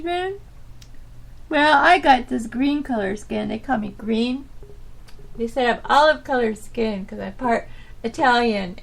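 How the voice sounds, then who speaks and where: High and creaky, this podcast host's voice drifts through a casual solo chat, with frequent fillers and thoughts left trailing as she rambles.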